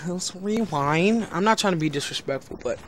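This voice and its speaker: A man's voice: high-pitched, animated, normal speed, a little hiss or hum. A teenage boy casually telling a rambling, profane story over gameplay. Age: teens. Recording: game gunfire loud behind voice. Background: video game gunfire.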